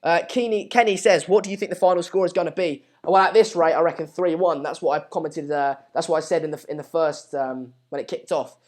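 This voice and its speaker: A man's voice: a little high, brisk, few pauses, darkish tone. A young man hosting a casual live stream, reading out viewer comments in a hesitant, rambling way with many fillers.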